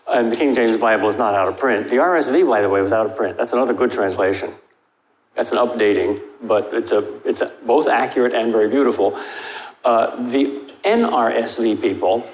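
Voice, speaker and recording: An older man answering audience questions after a lecture, emphatic and wry, his pitch jumping up for stress. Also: a little mellow. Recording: echoey hall with faint noise.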